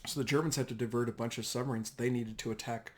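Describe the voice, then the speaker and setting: A man's voice: mid-range voice, fairly even intonation, fast talker. A man giving a casual, rambling history lecture over slides, often correcting himself mid-sentence. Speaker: history teacher.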